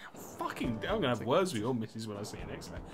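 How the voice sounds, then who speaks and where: A man's voice: medium pitch, expressive, rapid-fire, music in the background. A man with an English accent, chatting casually and joking with a friend on a gaming livestream, swearing and laughing often. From England. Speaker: livestream host. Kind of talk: casual gaming stream chat.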